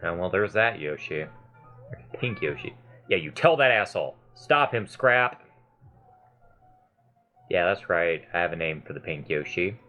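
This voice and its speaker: A man hosting a let's play, giving excitable, gushing game commentary and swearing casually. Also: low-pitched, measured pace, long pauses, soft background music.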